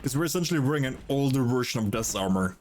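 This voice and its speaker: A man's voice: medium pitch, expressive, fast talker, a little hiss or hum. A young man casually commenting on a video game as he plays, swearing freely and chattering playfully to his chat and the characters on screen. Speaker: streamer.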